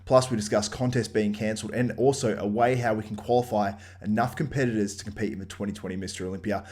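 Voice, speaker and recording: Male host, quick and chatty, lower voice, casual banter. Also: steady tone, darkish tone. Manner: chatty, laughs often. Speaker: podcast host. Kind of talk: casual chat.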